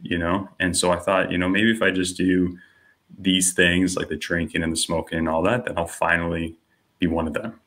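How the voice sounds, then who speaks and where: A young man with a low, deep voice that still has a bright, forceful edge tells his story in a relaxed podcast chat. He leans on "you know" and "like" and slips into the voices of the people he quotes as he goes. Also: normal speed. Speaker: podcast guest. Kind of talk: personal testimony in casual conversation.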